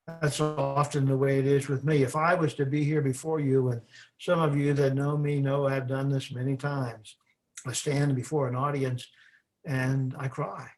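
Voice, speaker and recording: Male minister, mid-pitched voice, unhurried reflective sermon delivery with long pauses. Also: rough recording. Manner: slow, reflective preaching with dramatic pauses.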